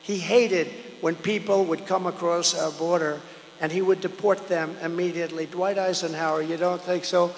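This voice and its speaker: An older man giving a campaign rally speech, rambling and repetitive, swinging between loud declarations and low asides. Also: fairly even intonation, normal speed, a little hiss or hum. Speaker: political candidate at a rally. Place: large outdoor or arena rally. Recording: echoey hall with long reverb.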